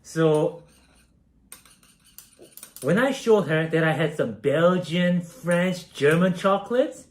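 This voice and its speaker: A man's voice: a little high, lively intonation, slow, pauses often. A young man from South Korea casually telling a story while baking, rambling and self-deprecating, with many fillers. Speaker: streamer.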